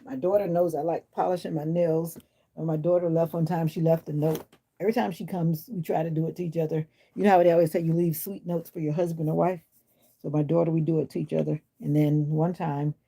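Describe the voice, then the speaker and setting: A woman's voice: sits low, gravelly, mellow, husky. A middle-aged woman chatting casually on a livestream, answering viewers' comments in a blunt, sassy way while feeling unwell. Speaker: livestream host. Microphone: phone or device mic.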